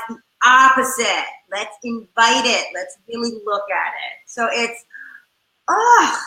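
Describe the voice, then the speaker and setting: A woman family therapist giving advice in an interview, lively and demonstrative as she acts out what parents and children say. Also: a little high, reverberant, poor audio.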